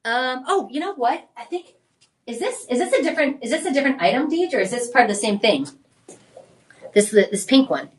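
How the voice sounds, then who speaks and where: A woman hosting a live home-shopping show, pitching jewelry in an enthusiastic, chatty way with frequent exclamations. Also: sing-song, brisk, breathy edge. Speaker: shopping channel host.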